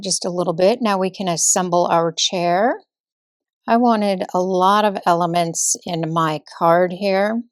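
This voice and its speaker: Woman craft tutor, chatty and instructional, mid-pitched, leisurely delivery. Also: no room sound, clean studio sound. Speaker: card-making tutorial host. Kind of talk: step-by-step craft demonstration.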